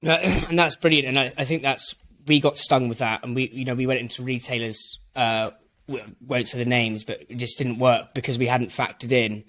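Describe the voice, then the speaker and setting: A man's voice: mid-range voice, fairly even intonation, normal speed, fairly bright tone. A man hosting a podcast, talking in a chatty, rambling way. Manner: chatty, rambling, laughs mid-story. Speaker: podcast host. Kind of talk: casual business chat.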